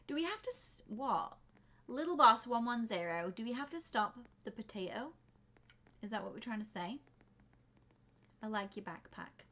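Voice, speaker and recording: A young woman giving flustered, excitable commentary while playing a game, often breaking into screams. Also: fairly high pitch, normal speed, long pauses. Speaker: gaming YouTuber. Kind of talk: let's play commentary.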